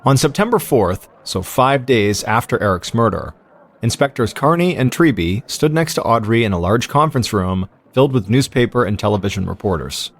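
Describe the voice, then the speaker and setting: Speaking at a medium pitch, a thirty-something American podcast host recounts a true-crime case with calm, measured narration.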